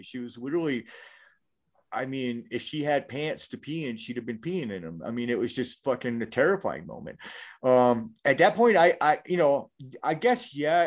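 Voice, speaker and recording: A middle-aged man telling a story in a casual interview, rambling and profane with many restarts. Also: fairly high pitch.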